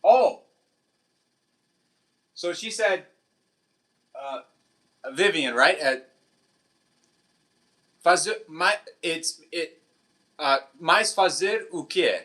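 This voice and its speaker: Laughing often, a chatty man hosts a livestream, talking casually with his live chat audience and occasionally slipping from English into Portuguese. His voice is bright and forceful, pitched slightly above average.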